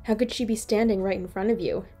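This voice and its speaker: A woman's voice: medium pitch, fairly even intonation, quick pace, mellow, faint music behind, lightly acted. A woman voicing a bitter, angry young male troll who swears and snarls, in a read-aloud fan story. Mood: angry, scornful. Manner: snarling, swearing, cold laughter.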